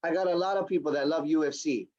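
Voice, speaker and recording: A man giving an energetic, repetitive sales training demo on a video call. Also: a little high, fast, dull audio. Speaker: product demonstrator. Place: home or office on a video call.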